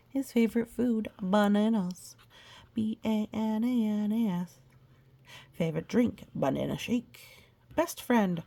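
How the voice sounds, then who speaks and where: A woman's voice: mid-range voice, vocal fry, darkish tone. A woman reading a children's picture book aloud, adding chatty, playful asides. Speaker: storybook reader.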